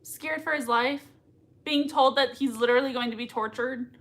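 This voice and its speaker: A woman's voice: high-pitched, steady tone, moderate pace, fairly bright tone. A young woman hosting a live reaction stream, gushing and squealing with emotion. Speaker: livestream reaction host. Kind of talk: excited live reaction chat.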